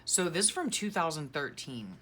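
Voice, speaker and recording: A woman's voice: deep voice, very animated, moderate pace, fairly bright tone, slightly rough. A middle-aged woman vlogger chatting casually and sentimentally as she sorts her craft keepsakes, gushing and rambling. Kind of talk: casual chat while decluttering.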